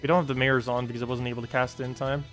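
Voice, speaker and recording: A man streaming a puzzle game, giving casual, quick play-by-play as he thinks aloud. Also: medium pitch, flat delivery, music in the background. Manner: quick, mumbled play-by-play talking to himself. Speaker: gaming streamer. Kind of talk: casual live-stream commentary.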